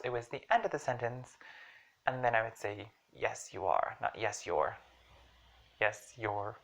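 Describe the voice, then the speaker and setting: A woman teaching an English grammar lesson in a chatty, jokey way, leaning hard on words for emphasis. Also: very deep voice. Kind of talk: casual online language lesson.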